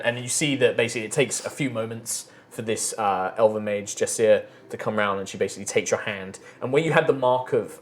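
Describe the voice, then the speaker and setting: A man's voice: lowish voice, a bit bright. A man narrating a tabletop game as game master, describing scenes with fillers and restarts.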